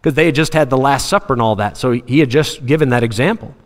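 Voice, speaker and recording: A man preaching a sermon, animated, acting out Bible scenes in different voices and laughing often. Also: medium pitch, fast talker. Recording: long hall reverb.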